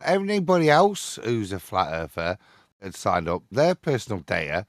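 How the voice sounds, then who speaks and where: A man's voice: on the low side, big pitch swings, normal speed, no room sound, studio quality. A man on a casual panel chat, mocking and sarcastic. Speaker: panel guest.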